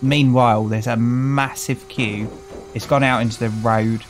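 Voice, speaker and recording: A man's voice: medium pitch, steady tone, measured pace, low-quality recording. Chatty British man doing game commentary. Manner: chatty and wry, greeting game characters. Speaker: gaming channel host. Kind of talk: casual let's-play commentary.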